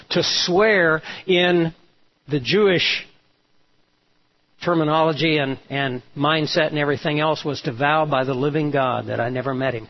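Man preaching a storytelling sermon, lo-fi. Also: fairly high pitch. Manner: storytelling preacher, voices quotes with emphasis. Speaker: pastor. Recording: dull lo-fi sound.

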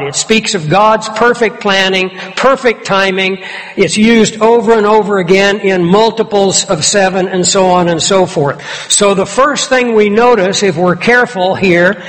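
A male preacher with a notably high voice delivers an expository sermon, leaning hard on key words. His voice rings out with a long reverb tail, as in a church sanctuary.

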